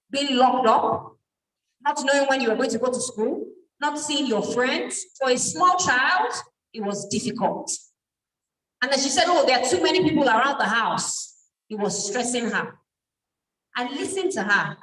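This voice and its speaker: A woman's voice: a little high, fairly bright tone, a little hiss or hum. A middle-aged Nigerian woman giving a motivational talk to a church youth camp, putting questions to the audience and answering them herself. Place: large church hall. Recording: echoey hall, mic from far off.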